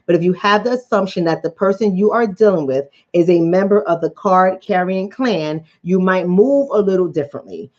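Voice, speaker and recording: A woman's voice: mid-range voice, a little mellow. Blunt woman with a Bronx accent. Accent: New York, Bronx. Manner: blunt, fired-up, profane. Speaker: commentator and coach. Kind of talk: impassioned vlog monologue. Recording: slightly dull lo-fi audio.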